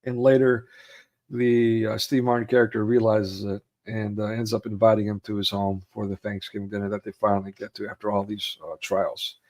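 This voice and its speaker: A man's voice: fairly low pitch, little pitch movement, fairly quick, a little mellow. A man in casual chat about his favorite movies. He rambles with fillers and acts out quotes in raised voices. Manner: rambling, with many fillers and restarts. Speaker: co-host of a film chat.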